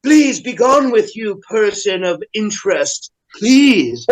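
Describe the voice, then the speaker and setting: A man putting on a slow, prissy voice to mock a smug, bored city hipster. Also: high voice, sing-song, exaggerated voice, rough recording. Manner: mocking, drawn-out and prissy.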